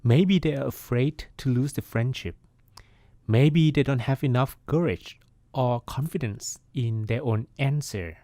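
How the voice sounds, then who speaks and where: A man, a Buddhist monk, hosting a podcast and giving a calm, reflective meditation talk. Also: mid-range voice, a little slow, no echo.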